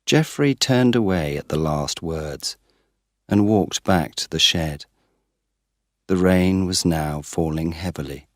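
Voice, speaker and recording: Slow, deep-voiced male storyteller. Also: dry recording, clean studio sound. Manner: slow, careful, plain delivery. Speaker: narrator. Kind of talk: graded-reader story narration.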